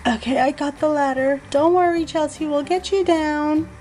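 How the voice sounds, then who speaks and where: A woman's voice: high voice, fairly even intonation, moderate pace, background noise, close to an everyday voice. A woman voicing a motherly doll. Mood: worried. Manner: soothing, motherly reassurance. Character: grown-up doll, caring big sister figure. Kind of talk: toy doll play voicing.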